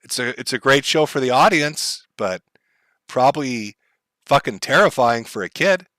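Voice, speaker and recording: A man's voice: mid-range voice, expressive, moderate pace, sharp tone, dry recording. A man commenting on a clip for his stream chat in a blunt, profane, lecturing way.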